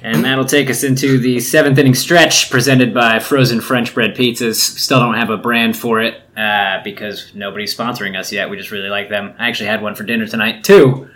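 Bright-voiced man, casual sports podcast host. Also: mid-range voice, fairly even intonation, brisk, few pauses. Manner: laid-back, rambling with fillers.

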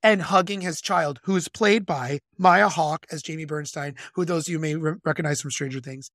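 A podcast co-host who works in music education, talking about a film in a gushing, animated way with quick asides. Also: medium pitch, no echo, studio quality. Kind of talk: casual film discussion.

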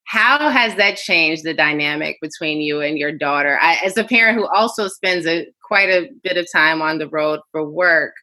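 Female host, low-pitched but bright, thoughtful questions. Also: moderate pace, few pauses, poor audio. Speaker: interview host. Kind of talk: interview questions.

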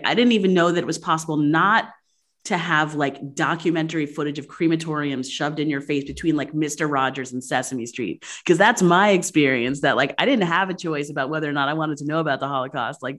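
Chatty woman host, low voice. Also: a little fast, fairly bright tone. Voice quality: chatty, frequent "like" fillers. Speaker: podcast host. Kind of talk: casual interview chat.

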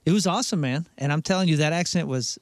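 Animated Missouri-accented man, bit high. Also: quick pace, no room sound, clean studio sound. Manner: animated, rambling storyteller. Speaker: radio show co-host and band singer. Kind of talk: casual studio banter. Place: radio studio.

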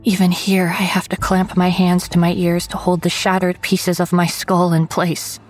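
A woman narrating a first-person horror story in a hushed voice that often drops to a whisper. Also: on the low side, little pitch movement, moderate pace, soft background music, poor audio.

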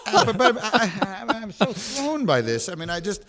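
Sports radio guy ribbing his cohosts, kinda high voice, bounces around a lot. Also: big pitch swings, normal speed, fairly bright tone. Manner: teasing, incredulous, laughs often. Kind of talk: casual sports talk banter.

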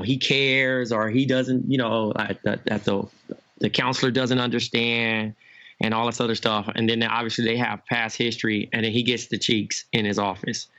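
A young man co-hosting a podcast in a loose, casual chat. He tells stories with energy and jumps up in pitch when he acts out what people said. The mic sounds dry and a little dull. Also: dry recording. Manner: animated storyteller, acts out quotes in a higher voice. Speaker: podcast co-host.

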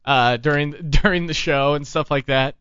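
A man hosting a podcast, his voice a touch high and smooth. He rambles through his stories in a casual chat. The recording is dry and a bit muffled. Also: moderate pace, a bit bright, dry recording. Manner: storytelling, rambling with restarts. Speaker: podcast host.

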